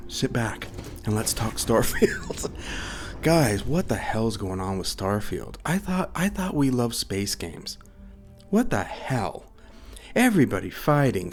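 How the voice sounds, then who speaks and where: A man from the United States chatting casually about a game he loves, rambling and repeating himself, short on sleep. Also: mid-range voice. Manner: rambling, repeats words, says okay a lot. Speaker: gaming YouTuber. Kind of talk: casual rambling video chat.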